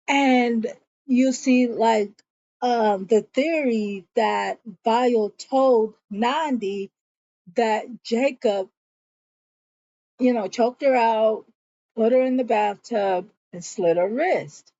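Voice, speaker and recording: A woman's voice: on the high side, slow pace, warm tone, dry recording, highs cut off. A woman casually recapping a TV episode in a chatty way, acting out bits of the characters' lines. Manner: chatty retelling, acts out quoted lines. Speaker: TV series reviewer.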